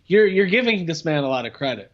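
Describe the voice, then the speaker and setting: A man's voice: fairly high pitch, big pitch swings, fast talker, highs cut off. A man chatting as a podcast guest, rambling and playful with lots of fillers. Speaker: podcast guest, cousin of host. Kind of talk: casual comedic chat.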